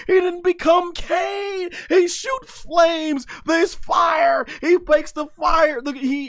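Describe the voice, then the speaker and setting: A man hosting a podcast, giving excited casual commentary on an anime fight and acting out the characters' shouts. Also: very high-pitched, smooth, no echo, clean studio sound. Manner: enthusiastic, acts out characters' shouts. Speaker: podcast host reviewing an anime episode.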